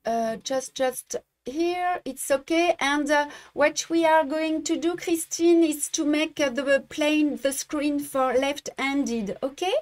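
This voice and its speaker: A native French speaker from France, this woman teaches embroidery in a live-streamed tutorial, her French accent clear as she often pauses to hunt for English words. Her voice sits high with a darkish tone.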